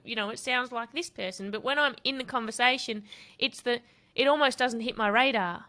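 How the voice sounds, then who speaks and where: Bright-voiced woman podcast host. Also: high voice, fairly quick. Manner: chatty, self-deprecating, laughs often. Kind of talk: casual interview chat.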